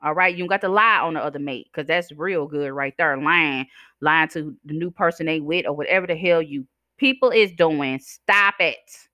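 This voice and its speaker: A woman's voice: deep voice, normal speed, sharp tone, no echo. A woman hosting a podcast, ranting casually with a blunt, sassy, profane manner and a slight slur from chewing gum, speaking. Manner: blunt, sassy, profane, addresses listeners as "y'all" and "child". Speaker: podcast host.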